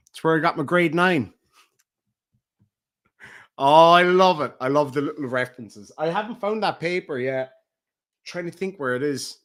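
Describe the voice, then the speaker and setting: A man's voice: medium pitch, a bit bright. An Irish man streaming live, reading viewer comments aloud in a casual, rambling way with frequent hesitant ums. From Ireland.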